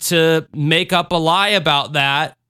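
A man's voice: on the high side, slow, clean tone. A young man co-hosting a podcast, chatting casually and with a lot of profanity as he reviews a book and tells stories. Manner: rambling, profane, animated storytelling. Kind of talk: casual chat.

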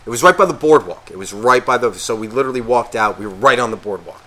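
Man, podcast co-host, bright forceful voice, casual profane storytelling, rambling. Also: medium pitch, quick pace. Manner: heavy swearing, rambling and animated.

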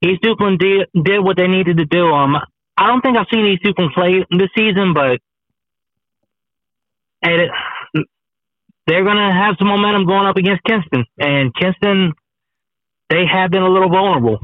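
A man phones in to a sports show while heading to work, and his voice comes through a thin, tinny line with wind noise. He sounds relaxed and conversational, a little higher-pitched, and dry and close. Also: moderate pace, long pauses, dry recording. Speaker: guest sports reporter. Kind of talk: casual phone-in chat.

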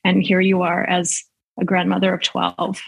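A woman's voice: on the low side, completely flat delivery, moderate pace, creaky, slightly rough, no echo, rough recording. A woman host from Saskatchewan, Canada, speaking earnestly to a guest and often restarting her sentences. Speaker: podcast host. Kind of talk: conversational interview.

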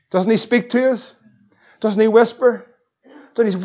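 A middle-aged man with a Northern Irish accent preaching a sermon with passion, his voice rising to shouts at its peaks. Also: high voice, fairly even intonation, moderate pace, pauses often. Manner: impassioned, rising to shouts, acts out the devil's voice. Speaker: pastor. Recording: dull lo-fi sermon recording.

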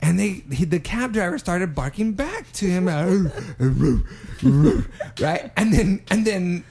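High-voiced young man telling a story. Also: unhurried. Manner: animated, profane storyteller who acts out quotes. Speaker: podcast co-host. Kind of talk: casual storytelling chat.

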